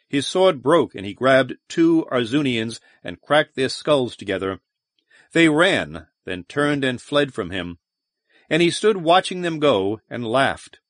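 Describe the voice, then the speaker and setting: A man's voice: mid-range voice, no echo, clean studio sound. Man narrating a science-fiction audiobook. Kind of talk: scripted narration.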